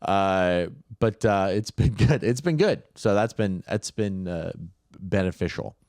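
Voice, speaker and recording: A man's voice: low voice, measured pace, no room sound, clean studio sound. A young man co-hosting a comedy podcast, talking casually and slipping into mocking voices. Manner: animated, mimics people in quoted voices. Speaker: podcast co-host.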